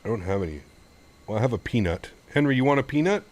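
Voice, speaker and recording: A man's voice: medium pitch, animated, fast. A man from Canada hosting a casual live flight-sim stream, cooing to his dog and talking through cockpit setup steps.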